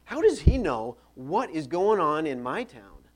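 A man voicing a jealous, resentful male church member who grumbles and pities himself, with a high, loud, whiny delivery. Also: animated, normal speed. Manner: whiny, resentful, self-pitying.

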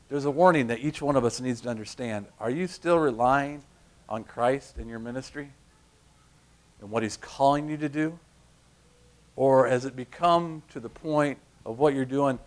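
A middle-aged male pastor preaching a sermon, telling stories with lively acted-out voices and loud, emphatic peaks. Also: medium pitch, normal speed. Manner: animated storytelling, acting out voices, rising to loud emphasis.

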